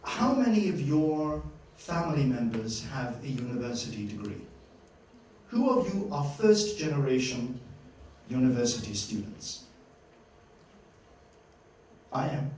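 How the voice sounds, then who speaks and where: A man giving a lively master-class lecture at a journalism school, playful and questioning his audience. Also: medium pitch, slow, pauses often, a little hiss or hum. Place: university lecture hall. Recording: echoey hall, distant mic, faint ambience.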